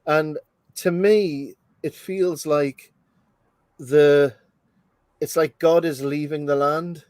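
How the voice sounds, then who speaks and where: A man's voice: on the high side, fairly even intonation, takes it slowly, a little mellow, no room sound. A man hosting a casual movie commentary, thinking aloud with lots of fillers and restarts. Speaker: host.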